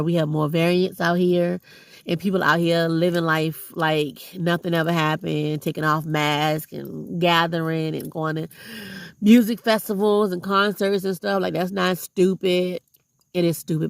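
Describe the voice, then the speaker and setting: A woman's voice: on the low side, fairly even intonation, normal speed, gravelly, no echo. A woman vlogger and substitute teacher who talks in a passionate, preachy and blunt way. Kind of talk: heartfelt casual vlog monologue.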